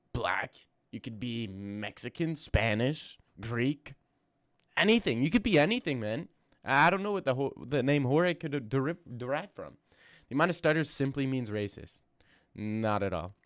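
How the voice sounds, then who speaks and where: A man's voice: medium pitch, expressive, moderate pace, fairly bright tone, no echo. A young man streaming and answering his chat in a joking, stammering banter, recorded close and dry. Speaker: streamer reacting to fight news and chat. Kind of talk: casual live-stream chat.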